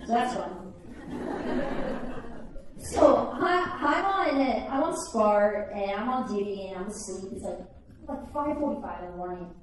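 A woman's voice: mid-range voice, noisy background. Chatty young woman in an echoey room. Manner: chatty, peppered with "like". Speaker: storyteller. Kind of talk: live personal storytelling. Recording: echoey room heard from a distance.

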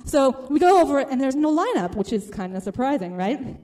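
Animated woman telling a personal story. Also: sits high, fairly quick. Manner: animated, acts out the people in her story.

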